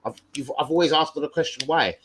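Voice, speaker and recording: A man's voice: on the high side, brisk, fairly bright tone, breathy edge. A man hosting a casual livestream, brash and joking, full of slang and swearing. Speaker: livestream host. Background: beat music playing.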